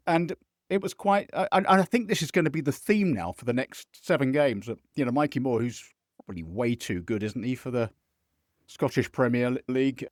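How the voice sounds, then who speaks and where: Animated sweary man hosting a podcast. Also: on the high side, fairly quick, dry recording, clean studio sound. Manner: animated, sweary, mimics others in put-on voices. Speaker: podcast host. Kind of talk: casual football podcast chat. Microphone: video call mic.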